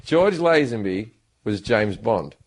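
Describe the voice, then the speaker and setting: A man with an Australian accent telling profane, animated stories in casual podcast chat. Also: fairly low pitch, slow. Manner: profane, laughing, animated storyteller. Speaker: comedian guest.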